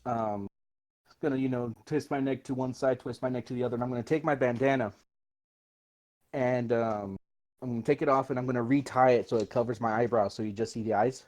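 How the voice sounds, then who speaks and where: A man taking part as a player in a tabletop game, talking relaxed with stammering repeats. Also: mid-range voice, brisk.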